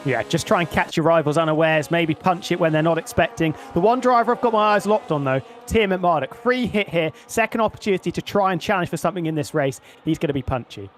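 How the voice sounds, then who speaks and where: A man's voice: a little high, fast talker, hardly any pauses. A man co-commentating a sim race, chatty and opinionated as he trades views with the lead caller. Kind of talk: sim racing colour commentary.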